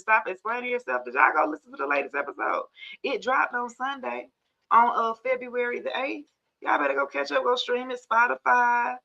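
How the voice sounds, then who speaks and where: A woman's voice: a little high, gravelly, pushed and bright. A woman hosting a casual live tarot reading, chatting straight to viewers and calling them y'all, on dull lo-fi stream audio.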